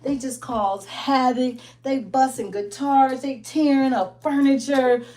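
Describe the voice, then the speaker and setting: A woman giving a casual motivational wellness talk, animated and full of laughter as she acts out stories. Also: sits high, a little slow. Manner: animated storytelling, laughs often, acts out quotes. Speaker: wellness business owner.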